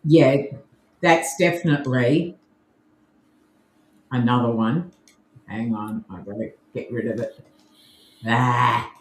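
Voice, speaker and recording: A man's voice: medium pitch, steady tone, takes it slowly, long pauses, slight background noise. A man with an Australian accent co-hosting a podcast in easygoing, rambling casual chat. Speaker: podcast co-host. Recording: roomy echo.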